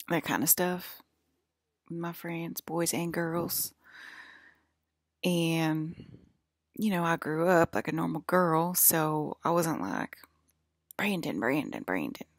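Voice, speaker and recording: Husky, creaky woman rambling casually. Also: deep voice, fairly even intonation, slow pace, long pauses, no room sound, studio quality. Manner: rambling, full of "like" fillers; offhand, drifts between topics.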